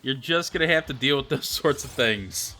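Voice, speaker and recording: A man's voice: mid-range voice, lively intonation, normal speed, bright, forceful tone, faint music behind. A man streaming a video game live, chatting casually and greeting viewers by name.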